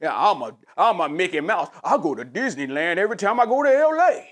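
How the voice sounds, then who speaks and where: A man's voice: high-pitched, sing-song, brisk, fairly bright tone. A man putting on a mocking impression of a fawning, self-important sports TV host who calls himself a company man. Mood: mock groveling. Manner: groveling, hesitant, self-important.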